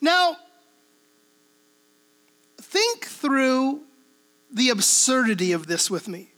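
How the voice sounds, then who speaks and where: High, bright-voiced woman preaching casually. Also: big pitch swings, drawn-out words. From Pacific Northwest. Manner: casual, checks in with listeners through frequent tag questions. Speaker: pastor. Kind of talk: conversational sermon teaching.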